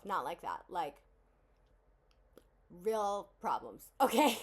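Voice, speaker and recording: A woman's voice: on the high side, animated, a little slow, fairly bright tone. A woman hosting a casual song reaction video, talking with blunt, profane candor and frequent sighs. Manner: blunt, candid, profane oversharing with sighs and laughs.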